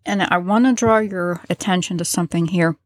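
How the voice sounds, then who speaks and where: A woman with a low voice narrates a true-crime story in a relaxed, conversational way, stopping to explain what she reads from a transcript. The sound is dry and close, with no room around it. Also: brisk, no echo. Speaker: podcast host.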